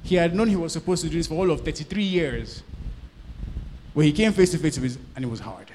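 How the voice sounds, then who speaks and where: A male pastor preaches in a somewhat high voice, rising to loud bursts and dropping to hushed lines. He keeps checking in with his listeners as he goes. His voice rings with the long reverb of a large hall. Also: brisk, slight background noise. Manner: preaching with sudden swings from loud to hushed, repeated questions to the congregation. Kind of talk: sermon.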